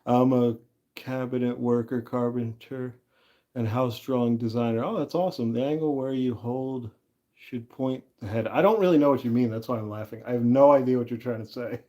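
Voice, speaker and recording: Warm and mid-range, the voice of this thirtysomething woodworker moves at normal speed as he works on an axe handle during a livestream. He's chatty, quick to laugh, and reads and replies to the chat.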